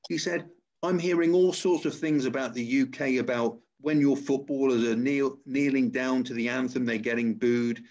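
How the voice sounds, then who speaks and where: A man's voice: mid-range voice, steady tone, moderate pace, hardly any pauses, darkish tone. A man hosting a casual conversation, earnestly retelling a message he received. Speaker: host. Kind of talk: casual chat. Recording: dull lo-fi audio.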